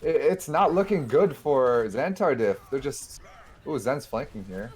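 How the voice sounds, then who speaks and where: Lively, excitable male esports caster. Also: mid-range voice. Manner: excitable, quick play-by-play with frequent restarts. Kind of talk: live esports commentary.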